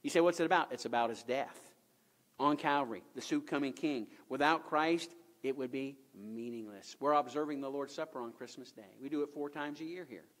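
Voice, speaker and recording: A man's voice: medium pitch, brisk, a bit bright. A man preaching a sermon in a church, emphatic and repetitive, asking the congregation rhetorical questions. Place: church sanctuary. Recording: echoey church hall.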